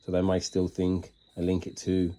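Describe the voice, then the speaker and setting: A man's voice: sits low, completely flat delivery, normal speed, warm tone. A man speaking casually to his followers in a preachy, insistent way, often tagging "man", restarting words and reading passages aloud from books. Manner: repeats "man" as a tag, restarts and stumbles. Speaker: self-styled religious speaker.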